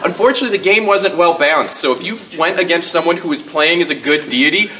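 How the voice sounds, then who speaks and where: A man's voice: fairly high pitch, fast, bright, forceful tone, far from the mic, slight background noise, poor audio. A man co-hosting a live podcast, chatting enthusiastically. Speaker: podcast co-host.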